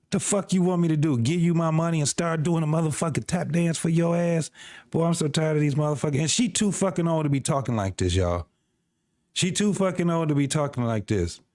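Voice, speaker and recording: A man's voice: fairly high pitch, darkish tone, no echo, studio quality. A man hosting a podcast, reacting to video clips with exasperated, profane ranting.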